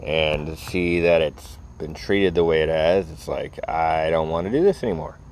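Deep-voiced casual rambling man. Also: normal speed, darkish tone, a little hiss or hum. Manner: profane, laid-back, rambling. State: tired. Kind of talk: casual rambling talk to camera.

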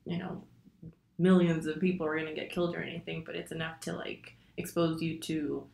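Young woman rambling w lots of ums, lowish voice, roomy echo. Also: flat delivery, fairly quick, creaky, a little mellow. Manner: many ums and likes, rambling. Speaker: student. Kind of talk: casual chat. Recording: echoey room.

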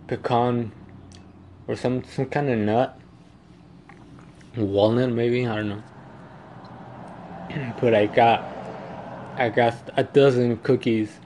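Young guy, casual vlog, slow loose delivery, laughs and swears a lot, eating as he talks. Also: medium pitch, darkish tone, a little hiss or hum. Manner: eating while talking. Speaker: vlogger.

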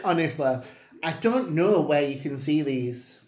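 A chatty co-host rambles through an anecdote, full of "um"s and restarts. The voice sits at a middle pitch. The recording carries a noticeable room echo. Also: unhurried. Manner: rambling, animated storyteller with many fillers. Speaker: podcast co-host. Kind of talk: casual chat. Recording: roomy, echoey room sound.

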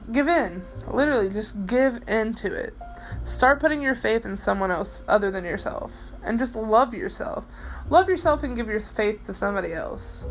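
A woman's voice: mid-range voice, fairly bright tone, low-quality recording. Rambling woman in a late-night podcast monologue. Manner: rambling, emotional, lots of fillers and restarts; swears casually. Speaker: podcast host.

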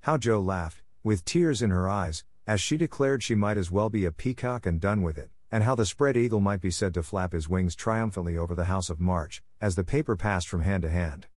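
A man narrating a classic novel as a scripted audiobook in a steady, measured reading. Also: low-pitched, no room sound.

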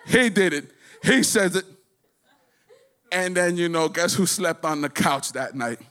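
A man doing a stand-up comedy set, rambling and profane, slipping into quick voices for other people. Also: high-pitched, animated, fairly bright tone, clear, resonant tone. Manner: does quick voices for his daughter and others.

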